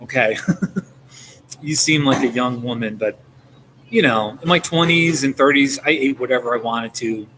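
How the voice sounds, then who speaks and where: A man's voice: moderate pace, a little hiss or hum, poor audio. Chatty forty-something man on a live stream. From United States. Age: 40s. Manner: chatty, laughs often, animated jumps in pitch. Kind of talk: casual live-stream chat reading comments.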